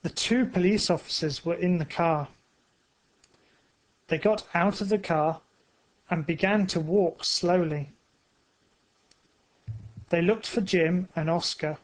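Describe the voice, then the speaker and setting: A man narrates a simple story for English learners in a high, light voice. He reads very slowly, pausing between short phrases so each sentence lands clearly. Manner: careful, evenly spaced phrasing. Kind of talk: slow graded-reader narration for English learners.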